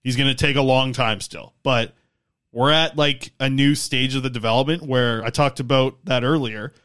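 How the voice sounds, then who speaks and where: A tired man co-hosting a casual sports podcast, rambling in animated hockey talk. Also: mid-range voice, normal speed, clean tone. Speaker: podcast co-host.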